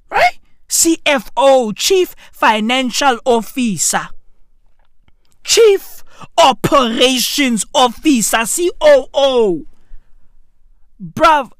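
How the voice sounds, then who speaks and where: A woman's voice: sits high, no echo, studio quality. Exasperated woman, profane rant. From South Africa. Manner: profane, exasperated, heavy use of slang. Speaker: comedian ranting to camera. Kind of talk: comedic rant.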